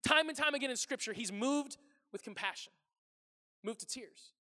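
A man's voice: very high voice, lively intonation, moderate pace, bright, forceful tone. A man preaching a sermon as pastor. He talks in a conversational way, asks the congregation questions and acts out the people he quotes. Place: church sanctuary. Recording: long hall reverb.

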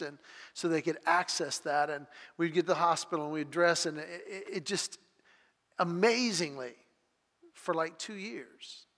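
A pastor preaching a sermon in an earnest, heartfelt manner that builds in intensity. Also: male voice, a little high, fairly bright tone, in a large hall. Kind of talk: sermon with personal storytelling.

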